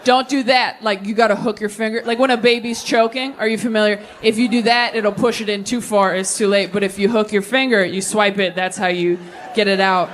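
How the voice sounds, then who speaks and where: A woman's voice: medium pitch, fairly even intonation, a little fast, a little hiss or hum. A woman in her thirties performing a stand-up set with a punchy, wry delivery, often jumping into character voices. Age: 30s. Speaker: stand-up comedian.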